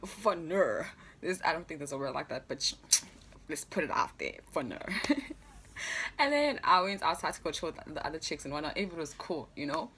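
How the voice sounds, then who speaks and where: A young woman with a low, deep-set voice chats through a casual storytime vlog. Her pitch swings widely as she talks, and she laughs often and leans on fillers between her thoughts. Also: expressive, brisk, sharp tone, breathy edge. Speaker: vlogger.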